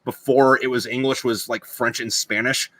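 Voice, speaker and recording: A man hosting a podcast in casual chat, excitable and rambling, swearing freely. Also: medium pitch, moderate pace, no echo. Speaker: podcast host.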